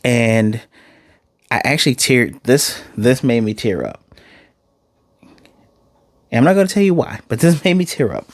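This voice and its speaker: A man giving a casual, animated recap as an anime reviewer, acting out quotes and using fillers. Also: mid-range voice, a little slow, pauses often, no room sound, clean studio sound. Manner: animated, acts out quotes, uses "y'all" and fillers.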